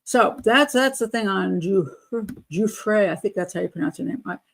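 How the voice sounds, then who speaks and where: A woman's voice: medium pitch, moderate pace, gravelly. An older woman hosting a live chat show, blunt and opinionated, laughing often as she reads out viewer comments.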